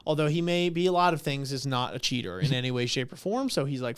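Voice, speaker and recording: A man's voice: medium pitch, lively intonation, fast, smooth. A young man hosting a podcast, recapping in casual, profane, rambling chat. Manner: profane, rambling, acts out quotes. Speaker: podcast host.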